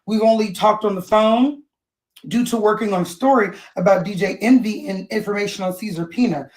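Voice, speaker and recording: A woman's voice: mid-range voice, a little fast, a little mellow, rough recording. A woman hosting a casual gossip livestream, chatting and reading out posts and text messages from her phone or webcam. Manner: chatty, reads out posts and texts. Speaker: host.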